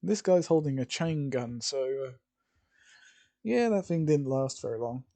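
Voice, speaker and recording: Guy telling a fan story real slow, dark mellow voice, rambly asides. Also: mid-range voice, expressive, vocal fry. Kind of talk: casual fan-fiction narration.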